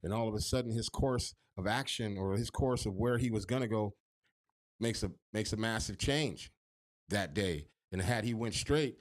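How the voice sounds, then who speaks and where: A man's voice: lowish voice, normal speed. A man co-hosting a podcast, talking casually with an emphatic, profane, preachy manner. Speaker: podcast co-host.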